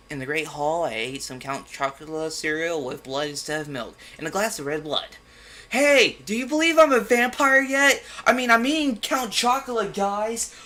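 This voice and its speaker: A man's voice: mid-range voice, sharp tone, a little hiss or hum. A man reading a bad fan fiction aloud with mocking, exasperated commentary and sudden outbursts. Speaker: comedic fan fiction reader. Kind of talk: sarcastic dramatic reading with commentary.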